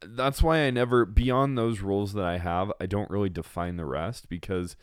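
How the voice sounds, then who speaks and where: A man's voice: on the low side, moderate pace, smooth, no room sound, clean studio sound. A married man co-hosting a podcast, giving dating advice in a joking, rambling way. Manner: joking, rambling, slips into silly voices. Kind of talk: casual podcast chat.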